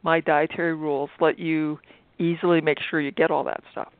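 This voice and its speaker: A woman's voice: low voice, level tone, dry recording. Middle-aged woman doc, chatting on a tinny phone-ish line, dry sound, lots of ums. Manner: thoughtful, halting with fillers and restarts. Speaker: physician guest. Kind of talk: interview conversation.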